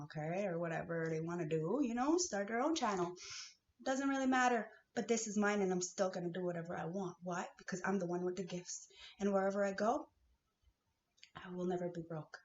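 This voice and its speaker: A woman from Kahnawake speaks straight to her viewers in a raw, swearing spiritual rant. She jumps from loud outbursts to hushed, breathy asides. The sound is roomy and a little muffled, with a faint hiss underneath. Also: medium pitch. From Kahnawake, Canada. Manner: fiery, swearing, swings between shouting and whispering. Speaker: vlogger. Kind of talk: emotional spiritual rant to camera. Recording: echoey dull-sounding room with faint hiss.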